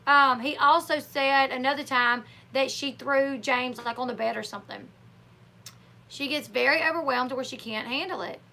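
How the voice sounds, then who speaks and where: A woman's voice: sits high, moderate pace, gravelly. A woman hosting a casual live chat, opinionated and chatty, acting out what others said. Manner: chatty, opinionated, acts out quotes in animated voices. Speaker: livestream host.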